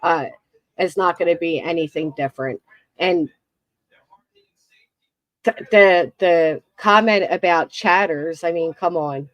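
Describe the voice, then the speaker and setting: A woman's voice: lowish voice, slow pace, long pauses, dry recording. A woman commenting on a clip of an online argument in a reasoned, questioning way.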